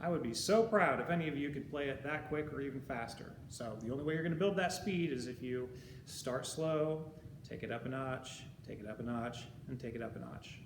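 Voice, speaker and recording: A male high school band teacher giving a recorded music lesson. He explains each step patiently and counts the beats out loud. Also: brisk. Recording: echoey room with steady background noise.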